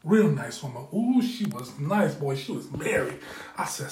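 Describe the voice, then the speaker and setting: A candid, foul-mouthed man recounts a personal story in a loose, rambling way, repeating words as he goes. His voice sits somewhat high for a man. The room gives it a noticeable echo. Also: big pitch swings, a little slow, darkish tone, a little hiss or hum. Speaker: podcast host. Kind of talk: casual storytelling. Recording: roomy echo.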